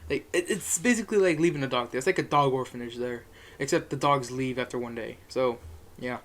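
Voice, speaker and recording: A man's voice: mid-range voice, fairly quick, fairly bright tone. A young man telling a rambling, profane story in a casual monologue, chuckling as he goes.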